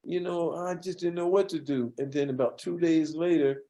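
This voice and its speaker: An older man from New York telling his life story in an interview, lively and easily moved to emotion. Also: on the high side, moderate pace. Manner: lively storyteller who acts out quoted dialogue; gets emotional when speaking of his mentor. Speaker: interview guest.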